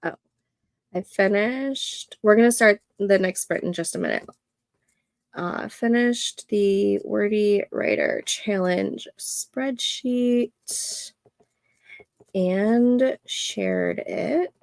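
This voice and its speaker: A young woman hosting a casual co-working livestream, thinking aloud and reading chat comments in a soft, soothing voice. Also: medium pitch, very animated, extremely slow, dry recording. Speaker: livestream host.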